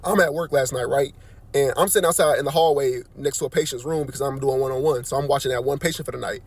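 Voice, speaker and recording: A man telling a workplace story in a casual, slangy way, jumping his voice up high when he quotes himself. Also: quick pace. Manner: animated slangy storyteller, voice jumps up for quoted lines. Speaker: nursing aide on night shift.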